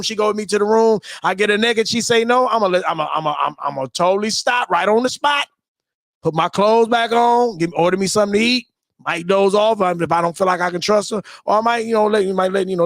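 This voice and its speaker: A man hosting a live stream, ranting and joking in a loud, profane, laughing way that breaks into shouted bits. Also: high voice, creaky, no echo, clean studio sound. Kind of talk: loud comedic rant.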